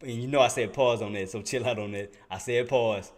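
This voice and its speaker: A man's voice: medium pitch, a little fast. Man laughing through live-stream chat. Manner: laughing often, talking straight to chat in slang. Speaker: live-stream day-trading host. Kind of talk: casual live-stream commentary.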